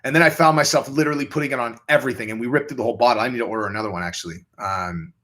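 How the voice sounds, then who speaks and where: A man's voice: rapid-fire, a bit bright. A young man hosting a casual livestream, reading viewer questions and rambling in a crude, offhand way. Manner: rambling, crude, jumps into high mocking voices when quoting. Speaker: livestream host.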